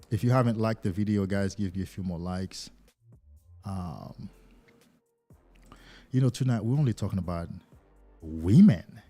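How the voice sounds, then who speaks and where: A man who is not a native English speaker speaks with a low, dark voice that has some husk to it. He coaches viewers on a livestream and acts out little scenes in an animated way. Faint music plays under him. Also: slightly rough. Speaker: life coach.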